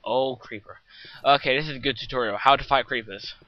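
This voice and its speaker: A man's voice: mid-range voice, a little fast, no echo. A British man giving casual, rambling commentary on his game, chatting to viewers and joking at his own expense. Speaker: let's play gamer. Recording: slightly muffled with faint hiss.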